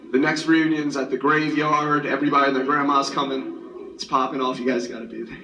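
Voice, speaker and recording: A man's voice: a little high, fairly quick, a bit bright, a little hiss or hum. A young man in his twenties, a student performing a stand-up comedy set at a school variety show, rambling and self-deprecating with many fillers. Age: 20s. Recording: roomy hall, far from the mic.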